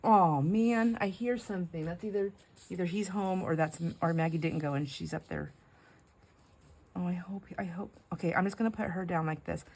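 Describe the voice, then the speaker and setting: A middle-aged woman hosts a home craft video, chatting casually and rambling as she works, laughing often and occasionally dropping to a whisper. Her voice is on the low side, a little fast, creaky and slightly mellow.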